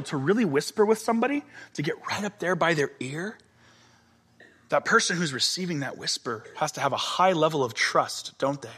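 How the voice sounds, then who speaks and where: Male pastor, 30s, high and bright voice, expressive sermon delivery. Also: husky. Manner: expressive, drops to whispers and shouts for emphasis.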